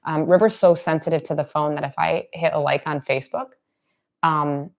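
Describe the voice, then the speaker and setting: Woman, low-pitched voice, dog trainer, casual conversational teaching, occasional soft near-whispers. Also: steady tone, moderate pace, gravelly.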